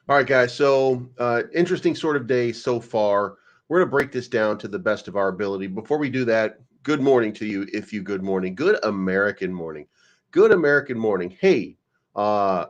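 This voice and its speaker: Brief: male stream host, lowish voice, wisecracking and loose, muffled lo-fi sound. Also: lively intonation, fairly quick. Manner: joking, rambling, swears often. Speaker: crypto live-stream host. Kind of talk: casual livestream commentary.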